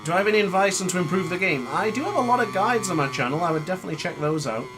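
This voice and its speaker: Over music and the roar of a motorbike game's engines, this YouTuber commentates live at a racing pace. His high-pitched voice has lively intonation, and he keeps muttering and criticizing himself in frustration.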